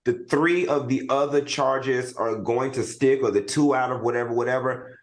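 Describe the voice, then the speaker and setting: A man's voice: medium pitch, steady tone. Teasing, flirty male talk show co-host. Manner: teasing and flirtatious, quick to laugh. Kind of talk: casual talk show banter.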